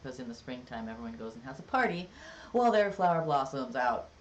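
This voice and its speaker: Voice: medium pitch, sing-song, fast, dull audio. Rambling, chatty live-streamer. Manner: casual and jokey. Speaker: livestreamer. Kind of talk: casual live-stream chat.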